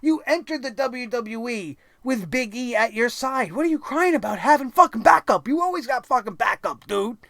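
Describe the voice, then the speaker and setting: A man's voice: extremely high pitch, animated, moderate pace, hardly any pauses, sharp tone, no echo. A man hosting a wrestling review show, ranting angrily and sarcastically and swearing constantly.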